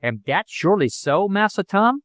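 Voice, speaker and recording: A frightened old servant, timid and faithful, as a male narrator puts him on in an audiobook. The voice rides high and lively, close and dry, with a slow, pleading manner. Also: no room sound. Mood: fearful.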